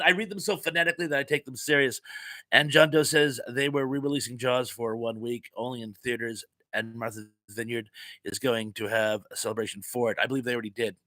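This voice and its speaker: A man's voice: medium pitch, sharp tone, no room sound. Chatty man reading out viewer comments. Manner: chatty and self-deprecating, with puns and asides. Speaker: live chat host. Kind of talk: casual live-stream chat, reading viewer comments aloud.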